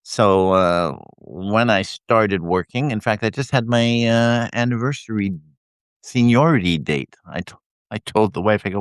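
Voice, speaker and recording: A retired man in his sixties from Canada, rambling through casual self-deprecating chat on his live stream with a handheld mic, blunt and quick to laugh. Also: on the low side, clear, resonant tone, no room sound, studio quality. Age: 60s. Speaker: host of a live video stream. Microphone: handheld microphone.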